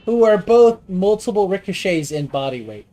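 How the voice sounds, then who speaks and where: A woman's voice: mid-range voice, animated, moderate pace, mellow, faint music behind. A woman streaming a game, chatting casually, swearing and teasing with jokes. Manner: profane, teasing, jokey. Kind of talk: casual gaming stream chat.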